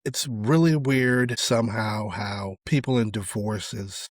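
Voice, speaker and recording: A middle-aged man hosting a solo podcast, giving casual, opinionated commentary on social media posts. His voice often drops away quietly at the end of phrases. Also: fairly low pitch, slow pace, no room sound, clean studio sound. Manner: conversational, opinionated, trails off quietly at phrase ends. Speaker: podcast host.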